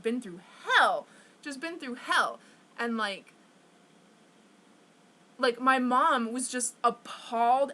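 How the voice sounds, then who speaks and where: A woman's voice: a little high, pushed and bright. A young woman venting to her camera, rambling with constant fillers and swearing, stressed and upset. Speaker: vlogger.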